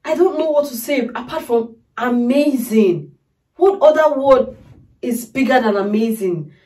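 A woman's voice: a little high, expressive, a little slow, warm tone, distant mic. A woman hosting a music reaction video, tearful and overwhelmed, gushing and repeating her exclamations to her viewers. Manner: effusive, repeats exclamations, keeps calling viewers "guys". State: tearful, crying. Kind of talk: emotional reaction vlog.

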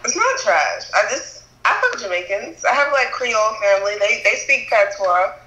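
A woman answers a stranger on a video chat in short, dismissive replies. Her voice is bright and forceful, and the room around her rings with echo. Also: a little high, sing-song, normal speed. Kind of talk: casual video-chat banter. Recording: echoey room.

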